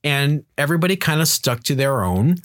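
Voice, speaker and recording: A man's voice: on the high side, expressive, a little fast, fairly bright tone, dry recording, clean studio sound. A man co-hosting a podcast in casual, joking conversation, speaking with plenty of filler words. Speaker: podcast co-host. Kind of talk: casual podcast conversation about music subculture.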